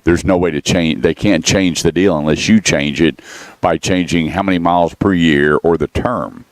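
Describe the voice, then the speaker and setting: A man's voice: low voice, moderate pace, no echo. A man hosting a radio talk show, telling stories and acting out both sides of past conversations. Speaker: radio show host, car-buying advisor. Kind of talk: casual radio talk, storytelling with quoted callers.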